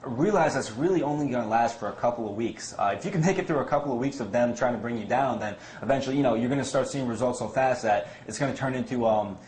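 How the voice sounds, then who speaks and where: A man's voice: mid-range voice, fast talker, hardly any pauses, a little mellow. A man co-hosting a casual interview chat, asking questions with many fillers and laughing easily. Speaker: co-host. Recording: echoey room with faint background noise.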